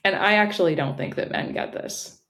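A woman's voice: mid-range voice, a little fast, a bit bright. A woman in her thirties, a former founder, talking candidly and bluntly as a podcast guest, swearing freely. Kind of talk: casual podcast conversation.

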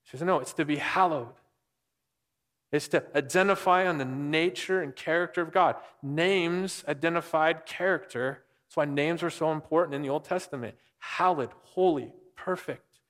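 A man's voice: on the high side, moderate pace, a bit bright. A man preaching a conversational sermon, explaining scripture and asking the listeners questions. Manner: conversational, asks the room questions. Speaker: pastor. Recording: long hall reverb.

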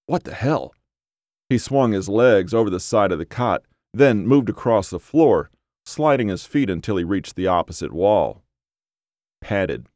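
A man narrating an audiobook story in a measured storytelling manner. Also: on the low side, a little mellow, no echo, clean studio sound.

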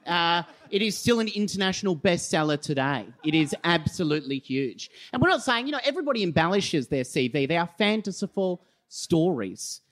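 An Australian man delivers a live comic debate speech in a self-mocking, sarcastic-sounding way. His voice swings widely in pitch and sits a little high for a man. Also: very animated, a little fast, hardly any pauses, fairly bright tone. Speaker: comedy debater. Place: live comedy venue stage.

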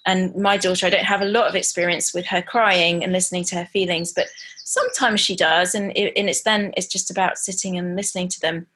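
A woman co-hosting a parenting podcast, speaking thoughtfully and haltingly, with many pauses and restarts. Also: lowish voice, steady tone, a bit bright. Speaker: podcast co-host. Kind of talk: casual parenting chat.

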